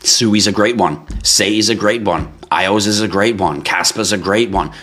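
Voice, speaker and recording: A man's voice: lowish voice, normal speed, fairly bright tone. Profane, teasing man hosting a livestream. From Canada. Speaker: crypto livestream host. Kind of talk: casual livestream talk, reading chat.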